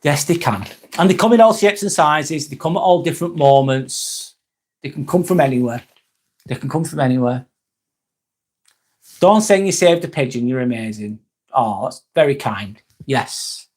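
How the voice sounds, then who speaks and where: A man's voice: mid-range voice, expressive, moderate pace. English man hosting a reflective live talk. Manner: repetitive, casual with swearing. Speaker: livestream host. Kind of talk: reflective motivational livestream talk.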